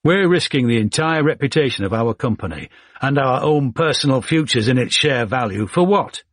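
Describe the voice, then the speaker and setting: A man's voice: mid-range voice, expressive, moderate pace, fairly bright tone, no room sound, clean studio sound, voice pushed up. A man voicing a blunt, skeptical Yorkshire businessman in an audiobook, dismissive in tone.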